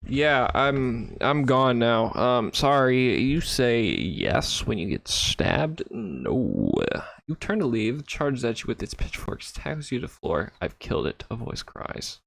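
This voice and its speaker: A man playing a text adventure game, reading its lines aloud and adding wry, deadpan comments on a close mic. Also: medium pitch, slow, creaky, no echo. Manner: wry, deadpan, bursts into laughter. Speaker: gaming YouTuber.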